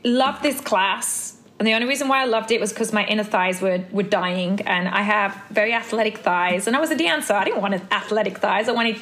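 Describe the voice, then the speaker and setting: A woman in her forties from the Black Country in England, her accent softened by years in America, chatting quickly as an interview guest and laughing often. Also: mid-range voice. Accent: English Black Country, softened by travel and time in America. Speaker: guest, Pilates instructor and former dancer. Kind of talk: casual interview chat.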